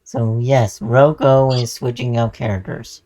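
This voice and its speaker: Slow-talking man running the game. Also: mid-range voice, steady tone, mellow. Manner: slow, laughing asides. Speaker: game master. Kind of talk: narrating a tabletop game.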